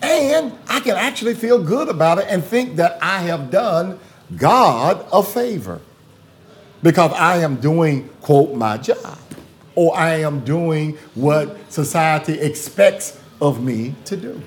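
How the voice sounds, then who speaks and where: A man's voice: a little high, animated, slow pace, slight background noise. A man, a theologian guest in a conversational interview, talking emphatically and repeating phrases for rhythm.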